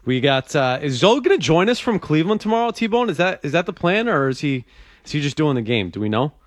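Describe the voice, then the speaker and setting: A man hosting a sports radio show in casual, quick, upbeat chat. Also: fairly high pitch, big pitch swings, no echo, clean studio sound. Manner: upbeat, quick, laughs easily. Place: radio studio.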